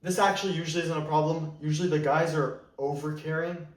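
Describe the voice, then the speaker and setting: A man's voice: a little high, little pitch movement, quick pace. A man giving dating advice as a coach in a blunt, emphatic monologue. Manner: blunt, emphatic, repeats "you better". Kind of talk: direct-to-camera advice monologue. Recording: roomy echo, mic at a distance.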